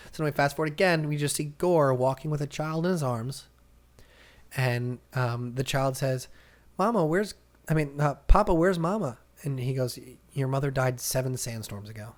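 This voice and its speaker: A young man co-hosting a casual podcast, retelling a comic story with lots of acted-out lines and sudden shouts. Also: mid-range voice, normal speed. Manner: animated storyteller, acts out characters' lines. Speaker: podcast co-host. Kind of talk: casual comic-book recap chat.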